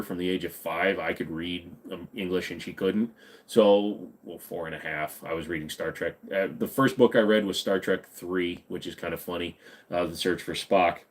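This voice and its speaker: A man in his forties hosting a livestream, chatting casually with viewers in a blunt, profane, rambling way and sounding tired. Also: sits low. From United States. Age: 40s. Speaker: livestream host. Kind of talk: casual livestream chat answering viewer comments.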